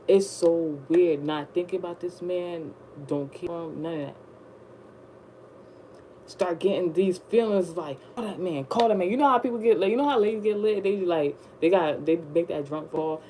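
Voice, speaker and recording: A woman telling a rambling storytime in casual slang, jumping up high when she acts surprised. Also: a little hiss or hum, low-quality recording. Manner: rambling, slangy, animated retelling. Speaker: vlogger.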